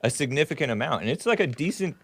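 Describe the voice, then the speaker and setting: A man's voice: fairly high pitch, animated, fast talker, a bit bright, breathy edge, no room sound. A man hosting a podcast in casual chat, chatty and laughing often, sometimes talking while chewing. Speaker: podcast host.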